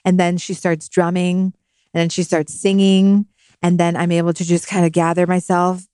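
A woman in her thirties speaks with a smooth, resonant voice in a close, dry studio sound. She tells a personal story earnestly and emotionally, with a spiritual bent. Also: fairly low pitch, little pitch movement, normal speed, dark tone, no echo. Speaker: podcast guest. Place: recording studio.

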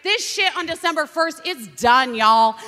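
A woman, an actress guest on a talk show, giving a fiery, profane comic rant that breaks into shouting. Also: high voice, expressive, measured pace. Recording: reverberant hall.

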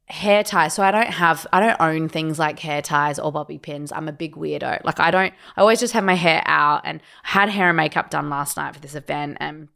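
A slightly hungover woman co-hosting a casual podcast, telling stories in a chatty, animated way. Her voice sits a little low, and she reads listener tales aloud between laughs. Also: brisk, creaky, hardly any pauses. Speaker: podcast co-host.

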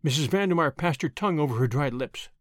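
A man hosting a storytelling podcast, reading a novel aloud in an expressive, dramatic way. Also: on the high side, fast, no echo, clean studio sound. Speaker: storytelling podcast host and narrator. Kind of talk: scripted audiobook narration.

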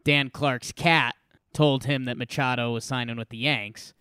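A man co-hosting a casual sports podcast, chatty and full of quick asides. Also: medium pitch, steady tone, bright, forceful tone, clear, resonant tone, no echo, clean studio sound. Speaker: podcast co-host.

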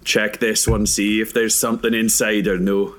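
A man's voice: lowish voice, little pitch movement, normal speed, fairly bright tone. A man speaking in character in a tabletop game, blunt and questioning with casual swearing. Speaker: player.

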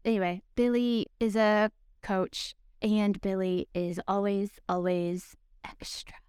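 A woman's voice: mid-range voice, fairly even intonation, measured pace, a little mellow, clear, resonant tone, no room sound, studio quality. A woman co-hosting a casual rewatch podcast, chatty and playful. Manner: chatty and playful, laughs often. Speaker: podcast co-host.

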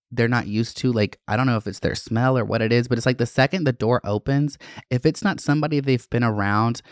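A man's voice: medium pitch, no room sound, studio quality. A man in his twenties talking candidly in a personal vlog, rambling and swearing freely. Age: 20s. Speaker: vlogger.

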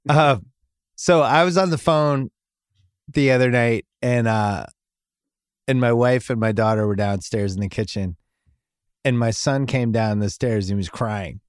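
A man's voice: medium pitch, a little slow, pauses often, clear, resonant tone, dry recording. A middle-aged man tells a meandering family story on a podcast, with frequent restarts and chuckles at his own jokes. His voice sits in a middle register, recorded close in a dry studio with no room sound. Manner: rambling anecdote, laughing at his own jokes. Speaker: podcast host. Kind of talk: casual storytelling chat.

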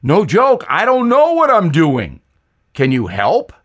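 A man's voice: fairly high pitch, wildly swooping pitch, takes it slowly, exaggerated voice. A man voicing a bumbling, bewildered older president in a whiny tone. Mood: befuddled.

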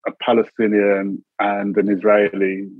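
A man in his sixties from England, an interview guest telling family stories in a relaxed way, chuckling often and acting out voices. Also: fairly low pitch, a little slow, no room sound. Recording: tinny phone-like line.

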